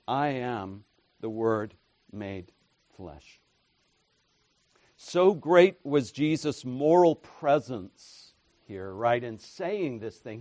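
A man preaching a sermon, dropping to quiet murmurs and rising to loud proclamations, with rhetorical questions and repeated refrains. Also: medium pitch, animated, extremely slow, long pauses, no room sound.

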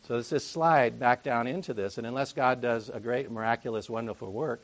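A man's voice: mid-range voice, steady tone, fairly quick. A man preaching a conversational sermon, full of jokey asides and rhetorical questions to the congregation.

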